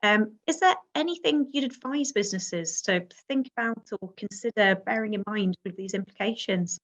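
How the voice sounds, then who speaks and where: A British woman hosting an interview, asking questions fluently and clearly. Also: medium pitch, normal speed, a bit bright. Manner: fluent, articulate. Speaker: interviewer, host.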